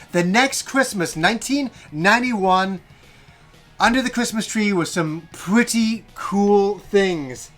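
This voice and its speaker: High-voiced, excitable gaming host man. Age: 40s. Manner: enthusiastic, rambling with restarts. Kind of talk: nostalgic personal storytelling.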